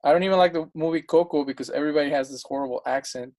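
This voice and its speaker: A man's voice: a little high, racing, a little mellow. A man speaking as a guest in a casual discussion, telling stories in an impassioned, emphatic way.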